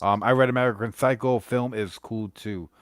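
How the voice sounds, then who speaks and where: A man's voice: mid-range voice, fairly even intonation, moderate pace. A man streaming live, chatting casually about movies with his viewers and a guest, rambling with many fillers and restarts.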